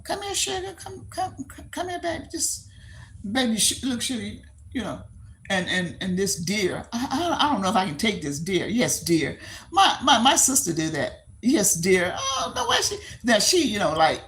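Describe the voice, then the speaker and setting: Slow, lively older woman. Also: on the low side. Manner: animated storytelling, acts out quoted voices, laughs often. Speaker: live-stream host. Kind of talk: late-night casual live-stream talk.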